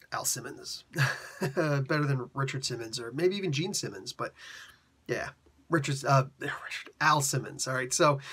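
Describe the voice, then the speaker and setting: A man's voice: medium pitch, a bit bright, husky. A man who reviews comics, retelling a story in chatty, slangy casual talk. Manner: chatty, slangy, laughs often.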